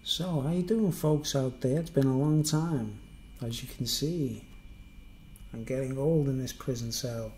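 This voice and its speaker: A middle-aged man with a softened Merseyside accent chats to his stream in a loose, rambling way, poking fun at himself between fillers. His voice is warm and dark-toned, at an ordinary pitch. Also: a little slow, a little hiss or hum, rough recording. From Merseyside, England. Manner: rambling, self-mocking, chatty with many fillers. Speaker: live streamer. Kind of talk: casual live-stream monologue.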